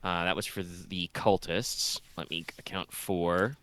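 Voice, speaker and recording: A man running a tabletop game, his voice bright and forward as he rambles through the scene with plenty of ums and restarts. The sound is dry and close, with almost no room around it. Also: low voice, fairly even intonation, measured pace, no room sound. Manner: rambling, loose, full of fillers and restarts. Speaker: game master.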